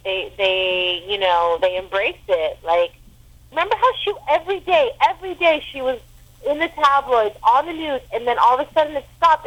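A woman with a fairly high voice chats casually as a co-host. Her talk is loose and slangy, full of "like" and casual swearing. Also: a bit bright, rough recording. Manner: loose, slangy, heavy use of "like". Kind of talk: casual chat.

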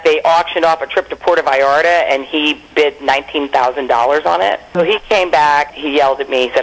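A woman in her forties, a comedian guest telling stories in a brash, profane, animated way during a casual interview. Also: low-pitched, fairly quick, few pauses, poor audio.

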